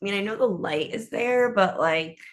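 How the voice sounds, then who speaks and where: A woman's voice: medium pitch, moderate pace. A woman co-hosting a casual chat from a hotel room, losing her voice, talking loosely with lots of "like" and the odd swear word. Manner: chatty, laughs often, swears casually. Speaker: co-host.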